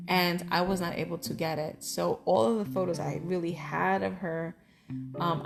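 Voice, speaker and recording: A woman's voice: lowish voice, gravelly. A middle-aged woman vlogging about her life in a candid, heartfelt, rambling way. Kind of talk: casual personal talk to camera.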